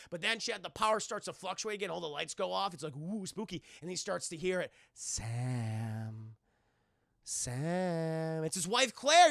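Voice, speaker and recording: Young male streamer, gravelly and sharp-toned, excitable and profane, acting out scenes for chat. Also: high-pitched, dry recording, studio quality. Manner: profane, excitable, acts out characters' lines. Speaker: streamer reviewing a film. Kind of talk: animated casual recap to live chat. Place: home streaming setup.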